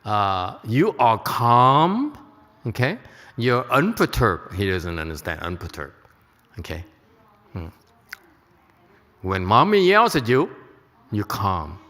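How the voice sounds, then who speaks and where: A man's voice: on the low side, big pitch swings, takes it slowly, pauses often, bright, forceful tone, big-room sound. A man teaching at a temple, giving a Buddhist lecture to an audience, joking and checking they follow. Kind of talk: dharma lecture.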